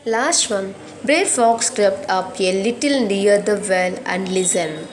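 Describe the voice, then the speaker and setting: A woman's voice: mid-range voice, takes it slowly, a little hiss or hum. A woman teacher with an Indian English accent explaining an English grammar lesson. She repeats sentences, spells out words letter by letter and checks in with "okay".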